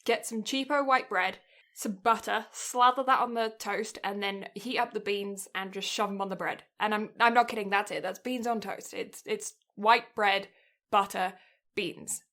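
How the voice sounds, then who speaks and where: A British woman co-hosting a podcast, telling a story in a chatty, animated way and laughing often. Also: mid-range voice, normal speed. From Britain. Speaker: podcast co-host.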